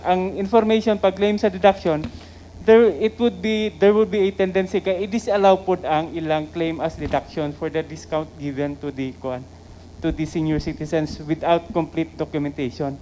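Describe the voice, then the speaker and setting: Filipino official answering the council, careful and explanatory, mellow darkish tone. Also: medium pitch, fairly even intonation, moderate pace, a little hiss or hum, poor audio.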